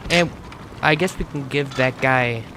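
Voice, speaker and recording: An American man talks his way through a game in loose, chatty commentary, cursing freely and tripping over his words. His voice sits at an ordinary middle pitch. Clear game sound plays underneath. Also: a little slow, background noise. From United States. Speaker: gaming channel host. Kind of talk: casual let's play commentary.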